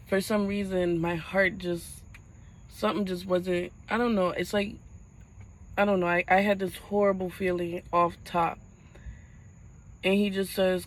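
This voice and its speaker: A young woman vlogging to camera, telling a painful personal story in a halting voice as she fights back tears. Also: lowish voice, little pitch movement, rough recording.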